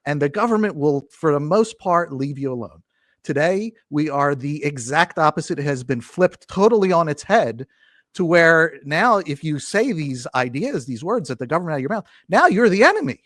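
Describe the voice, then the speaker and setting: An earnest male guest makes his case with conviction in a relaxed interview. His voice sits a little higher than most men's, and it is recorded dry and close. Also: normal speed, no echo. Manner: earnest, impassioned argument. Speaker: podcast guest. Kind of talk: casual conversational interview.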